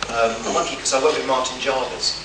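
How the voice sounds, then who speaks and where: A man's voice: mid-range voice, fast. English man with a stammer, echoey room. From England. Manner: self-deprecating, humorous storytelling with frequent restarts. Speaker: panel guest writer. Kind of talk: anecdotal convention panel talk. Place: convention panel room. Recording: echoey room from far off, noisy.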